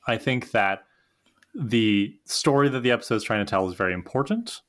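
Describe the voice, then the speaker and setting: A woman's voice: a bass voice, lively intonation, a little fast. A tired woman with the hiccups, co-hosting a podcast in casual chat with a dry, teasing humor. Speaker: podcast co-host.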